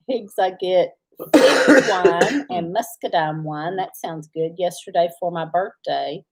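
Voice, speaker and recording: Co-hosting a casual livestream, a woman tells stories with a drawl and laughs often. Her voice is on the low side, and she speaks slowly with frequent pauses.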